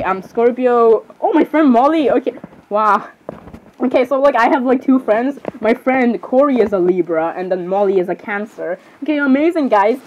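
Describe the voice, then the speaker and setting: A woman's voice: a little high, a little mellow. A young woman chatting casually, rambling and apologizing as she reads out lists and reacts. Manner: rambling, giggly, self-interrupting with frequent apologies. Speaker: fan reading creepypasta zodiac lists. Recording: slightly muffled, faint background hiss.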